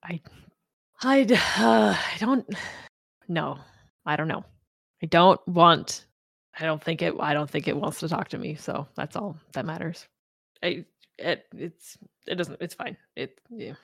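A woman's voice: lowish voice, lively intonation, gravelly, fairly bright tone, no echo, studio quality, exaggerated voice. A woman voicing a guarded, grieving young woman adventurer in a tabletop game, speaking hesitantly with many restarts. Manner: hesitant, halting, full of restarts.

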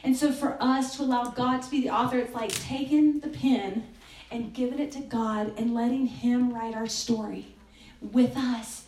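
Woman preacher, mellow and conversational, heard from some distance in a roomy hall. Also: fairly high pitch, fairly even intonation, moderate pace, a little hiss or hum. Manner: conversational, with fillers and soft hushed quotes. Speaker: speaker at a church gathering. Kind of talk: sermon with a told story. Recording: echoey room, distant mic.

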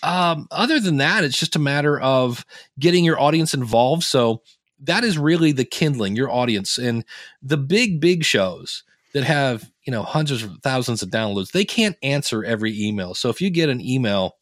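A middle-aged man talks through podcasting tips as an interview guest, at an ordinary pitch. He tells stories with energy and slips into quick impressions of the people he quotes. The recording is dry and close, with no room sound. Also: no echo. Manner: animated storyteller, acts out quoted voices. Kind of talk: casual interview chat.

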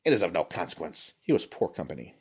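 A man's voice: low voice, sing-song, fast talker, darkish tone, breathy edge, full character voice. A man voicing a proud, formal young crown prince.

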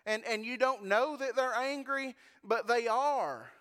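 A pastor preaching in a folksy, storytelling way, speaking right to his congregation. His voice is fairly high and clear. A long church reverb trails behind him. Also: expressive, a little slow, fairly bright tone. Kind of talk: sermon.

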